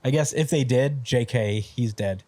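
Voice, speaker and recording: A man's voice: medium pitch, normal speed, dark tone, no echo. A man co-hosting a podcast, casually recapping a manga chapter in a rambling, filler-heavy way. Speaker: podcast co-host.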